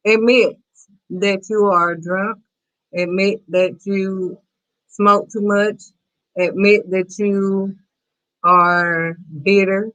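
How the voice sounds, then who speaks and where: A woman's voice: mid-range voice, fairly even intonation, extremely slow, pauses often, a bit bright, rough recording. A woman hosting a faith-based talk show, giving blunt, emphatic, preachy advice. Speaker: host.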